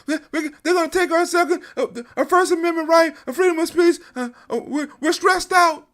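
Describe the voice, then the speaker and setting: A man's voice: very high voice, a little fast, fairly bright tone, pitched above the performer's own voice. A man putting on a mocking whine for an exaggerated self-pitying complainer.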